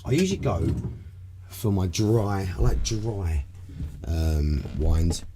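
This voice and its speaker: A man's voice: sits low, animated, takes it slowly, noisy background. A man hosting a casual live stream, rambling loosely from topic to topic and swearing freely. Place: home room.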